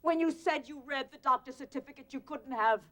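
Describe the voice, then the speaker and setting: A shrill, relentless petitioner. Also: female voice, fairly quick, fairly bright tone. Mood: accusing, insistent. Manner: theatrical, wailing, relentlessly insistent. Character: pushy, melodramatic woman pestering a bank. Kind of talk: film acting.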